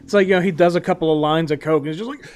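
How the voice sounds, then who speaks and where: A man's voice: a little high, fairly even intonation, very fast, darkish tone, clear, resonant tone. A man streaming a game live, chatting casually and laughing often at what happens on screen. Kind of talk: casual live gameplay commentary.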